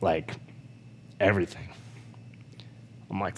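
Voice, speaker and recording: Emotional man with a low voice. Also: expressive, normal speed, in a large hall, slight background noise. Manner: emotional, swearing, many "like" fillers. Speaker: podcast co-host. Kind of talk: candid podcast chat.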